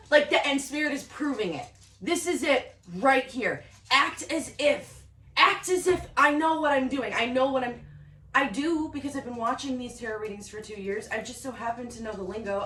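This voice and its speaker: A woman giving a casual, excitable tarot reading to camera from her home office, often laughing. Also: sits high, far from the mic. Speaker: tarot reader. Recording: roomy echo, voice a bit off-mic.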